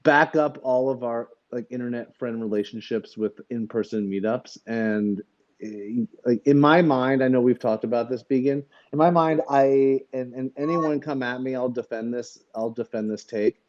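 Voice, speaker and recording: A man chatting on a podcast in a mellow, dark-toned voice, rambling and hesitant, stopping and restarting often. The audio is dull and lo-fi. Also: medium pitch, normal speed. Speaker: podcast co-host. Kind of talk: casual podcast chat.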